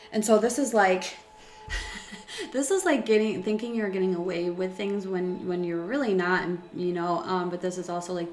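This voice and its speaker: Female tarot reader, casual and emotive, lower pitch, roomy home recording. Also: slight background noise. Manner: chatty, filler-heavy, emotional and laughing. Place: room at home by a window.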